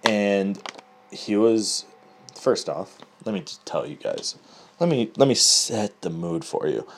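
A man spins a comedic story, cursing freely and breaking into laughter. His pitch swings widely while the pace stays unhurried and drawn out. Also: creaky, slight background noise. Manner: animated, profane, laughing at his own story.

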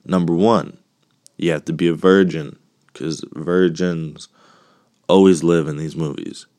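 A deep-voiced man with a cough works through a movie recap at an unhurried pace, rambling and swearing for laughs. His voice sounds close and dry, with no room around it. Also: fairly even intonation, a little mellow, no echo. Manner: rambling, profane and joking.

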